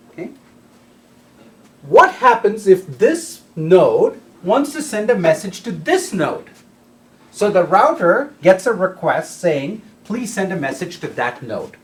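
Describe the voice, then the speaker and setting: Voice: mid-range voice, a bit bright. A lecturer giving a classroom lecture, often checking in with the students by asking "okay?" and "right?", and restarting sentences mid-thought.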